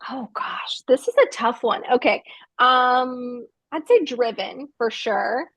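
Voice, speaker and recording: A woman's voice: on the high side, slow pace, husky, dry recording, highs cut off. A woman in her thirties, a guest author in a casual interview over a video call, telling self-deprecating stories with frequent laughter. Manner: giggly, self-deprecating, animated storytelling.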